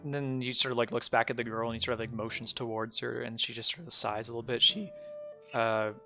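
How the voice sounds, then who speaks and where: A man's voice: medium pitch, steady tone, fast, gravelly, pushed and bright, soft background music. A man narrating as game master in a loose, rambling way, full of fillers.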